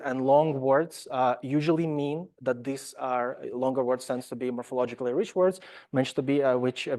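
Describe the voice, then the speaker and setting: A man with a medium-pitched, slightly mellow voice delivers an academic lecture. He speaks hesitantly, full of fillers and restarts, and drops in wry, self-deprecating asides.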